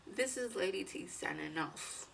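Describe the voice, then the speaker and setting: A woman YouTuber giving a casual, animated recap of a reality show, talking with dramatic exclamations. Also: medium pitch, measured pace, creaky, a little hiss or hum.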